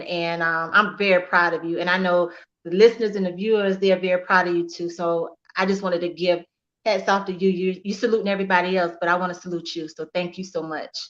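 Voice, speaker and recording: A woman speaks as a guest on a live online show, earnest and encouraging as she praises her host. Her voice sits in a middle range, and the audio reaching the stream is slightly muffled and lo-fi. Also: mid-range voice. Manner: warm, encouraging, emphatic praise. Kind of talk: casual live-stream chat.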